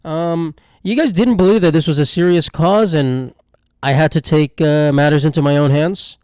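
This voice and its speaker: A man's voice: a little high, moderate pace, a little mellow, clear, resonant tone, no echo, clean studio sound. A young man hosting a solo comedy podcast, rambling through irreverent, self-mocking riffs on news stories. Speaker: podcast host.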